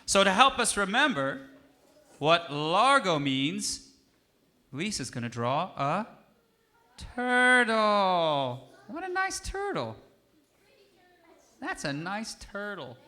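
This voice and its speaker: A man who is a musician teaching a young audience, lively and encouraging as he coaxes them to answer. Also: high voice, slow pace, long pauses. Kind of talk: interactive music lesson for kids.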